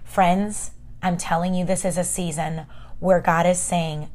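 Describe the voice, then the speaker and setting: A woman's voice: lowish voice, flat delivery, unhurried, darkish tone. A woman hosting a casual, encouraging faith talk, chatty and emphatic, speaking straight to her listeners as friends. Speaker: podcast host.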